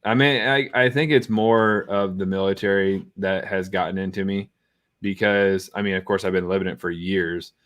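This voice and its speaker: Rich: A middle-aged man with a fairly low voice talks on a live gaming stream. He is blunt and emphatic, stacking up repeated words to make his point in casual chat. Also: fairly even intonation, normal speed, a bit bright.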